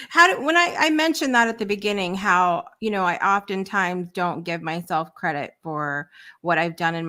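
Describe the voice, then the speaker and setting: A woman in her thirties hosting a morning talk show in casual chat. Her voice is bright and crisp, with an ordinary pitch for a woman. She listens attentively and responds in an affirming way. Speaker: host.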